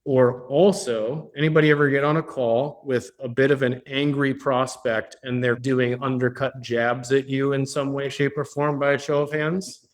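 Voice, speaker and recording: In a meeting room before a live audience, a business coach hosting a mastermind leads a workshop in a mid-range voice. He speaks at a moderate pace with a flat delivery, bluntly and with plenty of swearing, and keeps checking in with the people in the room.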